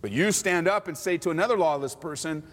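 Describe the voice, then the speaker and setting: A man preaching a sermon as a pastor, lively and acting out mocking voices of others. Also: fairly high pitch, fast talker, big-room sound.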